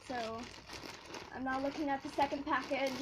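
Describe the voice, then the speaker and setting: A teenage girl unboxing a package for her vlog, excitable and giggly, gushing over each item in casual chat. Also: high voice, normal speed, noisy background. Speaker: vlogger.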